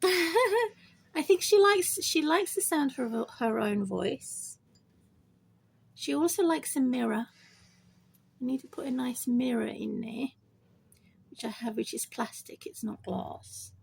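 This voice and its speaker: Speaking a little slowly, with frequent pauses, a gravelly voice, darkish tone and breathy edge, a woman vlogs about her pet bird. Her talk is rambling and repetitive, and she addresses the bird directly in a high sing-song.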